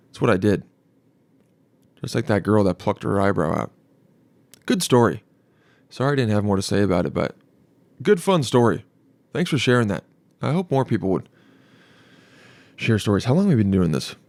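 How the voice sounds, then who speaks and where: A young man hosting a casual podcast, telling a story in a rambling, animated way, swearing now and then and acting out what people said. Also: lowish voice, moderate pace, vocal fry, pauses often, no room sound. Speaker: podcast host. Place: studio.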